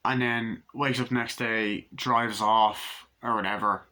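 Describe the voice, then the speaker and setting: A man casually reviewing a film, excitable and swearing heavily as he acts out its scenes. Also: on the low side, measured pace.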